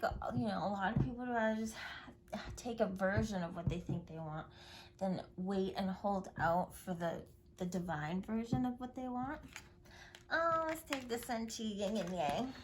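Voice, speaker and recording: A woman giving a spiritual tarot reading in an effusive, affirming way, often dropping into soft whispers. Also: a little high. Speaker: tarot reader. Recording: steady hiss and clicks.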